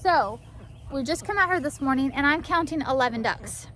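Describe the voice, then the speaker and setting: Woman, farm vlogger, bright high voice, half-yelling into a phone camera outdoors. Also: expressive, moderate pace, a little hiss or hum. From Florida. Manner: half-yelling to be heard without a mic. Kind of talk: casual vlog narration. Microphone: phone camera, no external mic.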